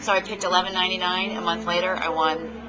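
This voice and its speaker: A man's voice: sits high, little pitch movement, quick pace. A man chatting casually at a restaurant, sharing an anecdote of his own. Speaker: conversation partner. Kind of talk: casual chat. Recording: dull lo-fi audio with music behind.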